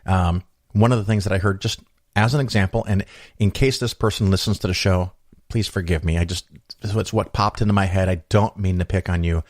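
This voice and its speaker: A man's voice: sits low, fairly even intonation, a little fast, no room sound, studio quality. A middle-aged man hosting his own podcast, telling a story and musing aloud in a chatty way, acting out the voices of people he quotes. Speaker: podcast host. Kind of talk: casual solo monologue.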